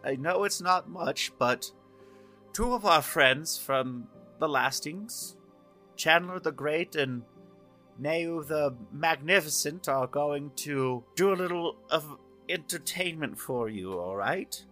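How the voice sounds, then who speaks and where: A nervous town leader, as a man puts him on, stands before a crowd and talks in a raised, bright voice. He stumbles and repeats himself but pushes on to rally them. Soft music plays underneath. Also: on the high side, lively intonation, pitched above the performer's own voice, exaggerated voice. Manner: halting, anxious, repeats himself.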